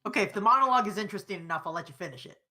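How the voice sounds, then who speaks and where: A woman playing a tabletop game, rambling and halting as she asks questions, swearing casually. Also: mid-range voice, expressive, bright, forceful tone. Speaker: player.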